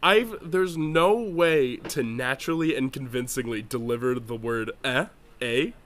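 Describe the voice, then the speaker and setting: Bright-voiced rambling man hosting a chat. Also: mid-range voice, a little slow. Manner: rambling, with many restarts. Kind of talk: casual comedic chat among friends.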